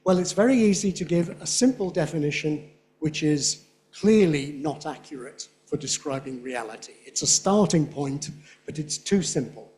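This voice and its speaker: A man's voice: on the high side, animated, a little mellow. Chatty man giving a lecture. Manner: chatty, checks in with "yeah?", repeats examples slowly. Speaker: guest lecturer on English phonetics. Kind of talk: lively conference lecture with spoken examples. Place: lecture hall with an audience.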